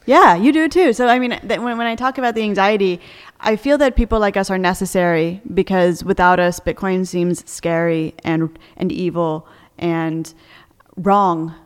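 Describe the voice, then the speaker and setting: A woman's voice: medium pitch, normal speed, smooth, in a large hall. A woman co-hosting a casual podcast, arguing her points with energy and laughing often. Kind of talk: casual debate chat.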